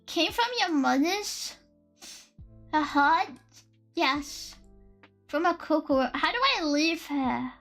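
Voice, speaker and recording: Young female streamer, very high voice, slow and drawn-out delivery, giggly and foul-mouthed. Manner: excitable, giggly and profane, thinking aloud. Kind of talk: casual live-stream chat. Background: faint lo-fi music.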